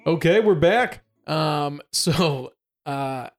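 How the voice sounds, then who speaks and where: A man's voice: a little high, expressive, very slow, faint music behind. A man hosting a podcast, joking and teasing his co-hosts in casual chat. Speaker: podcast host.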